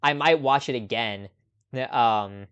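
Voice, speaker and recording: A man's voice: mid-range voice, slow pace, a bit bright, clean tone, dull audio. A man hosting a casual live movie chat stream, talking off the cuff with frequent little laughs and ums. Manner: chatty, laughs often, lots of ums. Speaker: host.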